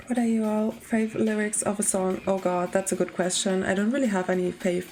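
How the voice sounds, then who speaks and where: A woman's voice: medium pitch, steady tone, normal speed, hardly any pauses, a little mellow, soft background music. Giggly young woman streamer. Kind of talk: casual let's-play commentary.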